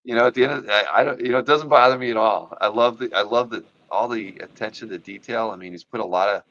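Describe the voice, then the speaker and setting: A man's voice: on the low side, fast, a bit bright, highs cut off. A man hosting a casual chat about comic art, rambling with many fillers and restarts, and losing his voice. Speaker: podcast host.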